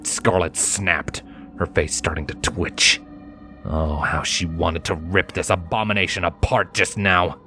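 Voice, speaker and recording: A man with a very low, deep voice reads a story aloud in measured, dramatic narration. Soft music plays quietly behind him. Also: fairly even intonation. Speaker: fanfiction reader. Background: faint background music.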